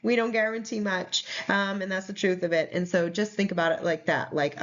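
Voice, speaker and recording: A woman's voice: medium pitch, steady tone, brisk, few pauses, a bit bright, highs cut off. A woman teaching a recorded nursing lecture in a conversational, explanatory way with frequent fillers. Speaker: nursing instructor.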